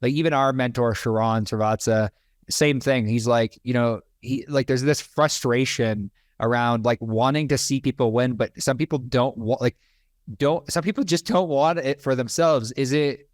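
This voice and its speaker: A man's voice: medium pitch, normal speed, dry recording, studio quality. A man who hosts a podcast, asking long, rambling questions full of "like" and restarts. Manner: rambling, heavy use of "like" and restarts. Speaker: podcast host. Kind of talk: casual interview questions.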